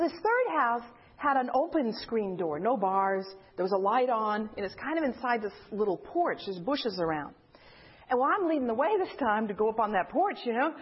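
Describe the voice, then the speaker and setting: A woman's voice: high-pitched, slightly rough, dull audio. A woman from a church group telling a personal story to an audience, acting out the voices of the people in it. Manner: animated storytelling, acts out quoted voices. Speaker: church member giving a testimony.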